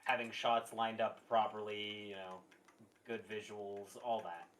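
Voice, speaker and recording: A man's voice: lowish voice, flat delivery, a little slow, fairly bright tone, slight background noise. A man co-hosting a casual podcast, earnest and cursing, with lots of "you know" and "uh". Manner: earnest, swears, many fillers. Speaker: podcast co-host. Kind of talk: casual chat.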